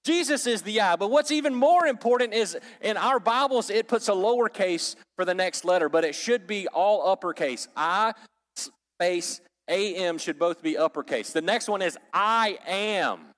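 A man's voice: high-pitched, expressive, normal speed, a bit bright. Man preaching in a reverberant hall. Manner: conversational, asks the audience questions, jokes. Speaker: pastor or Bible teacher. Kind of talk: teaching sermon.

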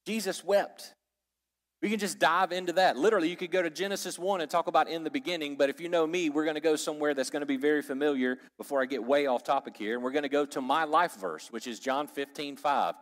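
A man's voice: on the high side, fast, in a large hall. A man teaching a sermon to a church group in a conversational way, asking the audience questions and joking. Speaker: pastor or Bible teacher.

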